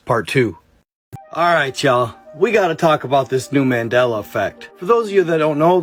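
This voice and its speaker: A chatty man who talks straight to his viewers in a casual, easygoing way. His voice sits a little on the high side, with soft music under it. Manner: chatty, addresses viewers directly. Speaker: narrator and vlogger.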